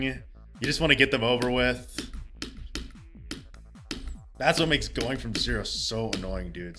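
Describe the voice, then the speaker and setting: A man chatting casually on a live game stream, excitable, laughing often and swearing casually as he talks to viewers. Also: medium pitch. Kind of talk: casual live-stream chat while gaming.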